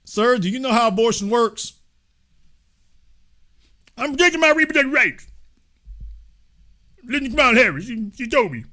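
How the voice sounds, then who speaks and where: Mocking bit: a man voicing a shrill, indignant, foolish man, tense and high. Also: expressive, moderate pace, pauses often, sharp tone, full character voice. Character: foolish grown man ranting about his rights.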